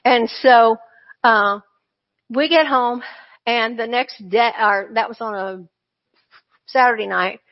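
Woman, churchgoer, earnest conversational testimony, slightly high voice, muffled lo-fi sound. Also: slow pace, pauses often. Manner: earnest, conversational, with frequent asides. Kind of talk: personal testimony storytelling. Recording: dull lo-fi recording.

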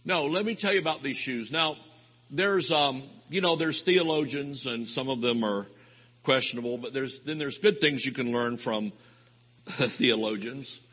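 A man preaching a rambling, folksy sermon with sudden loud outbursts at a live convention. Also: medium pitch, unhurried, breathy edge. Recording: live hall recording with long reverb.

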